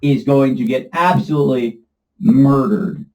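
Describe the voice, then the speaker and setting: A man co-hosting a film podcast who recaps the story in an easy, relaxed way. His voice is dark and mellow at an ordinary pitch. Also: a little slow, low-quality recording. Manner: relaxed storyteller walking through the plot. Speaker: podcast co-host. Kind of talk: casual film review, plot recap.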